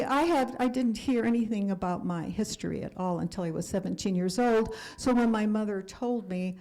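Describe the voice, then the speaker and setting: A woman in her seventies giving a talk about her life, speaking earnestly and sometimes dropping to a hush for emphasis. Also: mid-range voice, rough recording. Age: 70s. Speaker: guest speaker. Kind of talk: personal storytelling lecture.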